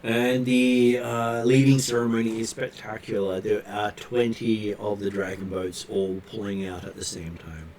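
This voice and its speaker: A man narrating a tabletop game as game master, pausing often on fillers as he describes scenes. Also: lowish voice, little pitch movement, a little mellow, a little hiss or hum. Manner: hesitant, filler-heavy narration.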